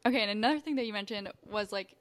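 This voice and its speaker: Chatty young woman, faint hiss. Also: medium pitch. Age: early 20s. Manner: chatty, filler-heavy, quick bursts. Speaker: podcast co-host. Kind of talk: casual chat.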